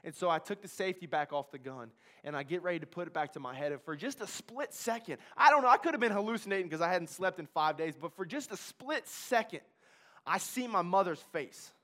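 A man with a fairly high voice giving a spoken testimony, intense and emotionally charged. He repeats phrases for emphasis and swings from loud urgency to hushed, low moments. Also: expressive, a little fast. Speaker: speaker giving a personal testimony.

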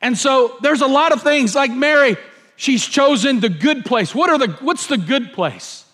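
A pastor delivers a sermon in a notably high voice for a man. He hammers his points home through repetition and brings the story to life by acting it out. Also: lively intonation, measured pace, fairly bright tone. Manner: repetitive, emphatic, acts out scenes.

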